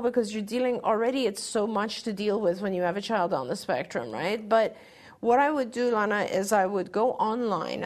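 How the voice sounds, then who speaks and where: A middle-aged woman co-hosting a talk show, giving earnest, encouraging advice to parents and often restarting her phrases. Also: mid-range voice. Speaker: podcast co-host answering parent questions.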